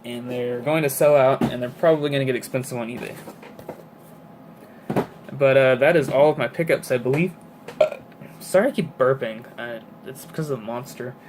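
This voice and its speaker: A man's voice: medium pitch, moderate pace, long pauses, background noise. Rambling young man showing off toys. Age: 20s. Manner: rambling, filler-heavy, chatty. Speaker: toy collector vlogger. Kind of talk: casual chat.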